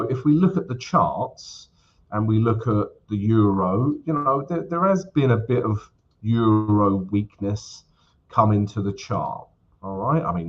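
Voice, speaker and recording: A man hosting a live trading stream, chatting casually with viewers and filling his talk with ums and asides. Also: on the low side. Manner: chatty, many fillers, addresses viewers as guys. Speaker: forex trading livestream host. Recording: slightly dull lo-fi stream audio.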